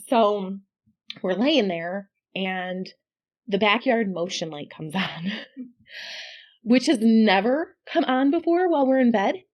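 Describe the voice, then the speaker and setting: A middle-aged woman co-hosting a podcast, telling a personal story in casual chat, animated and quick to laugh. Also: medium pitch. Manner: chatty, animated when quoting, laughs often. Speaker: podcast co-host.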